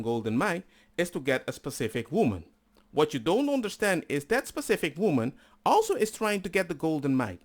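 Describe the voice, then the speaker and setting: Animated high-voiced man reacting. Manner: animated, exclaiming, acts out quoted dialogue. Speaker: reaction channel host. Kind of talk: casual reaction commentary.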